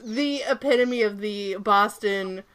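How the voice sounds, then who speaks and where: A woman with a light Southern accent co-hosting a casual podcast, recapping a movie in an animated way and swearing often. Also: mid-range voice, slow pace. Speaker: podcast co-host.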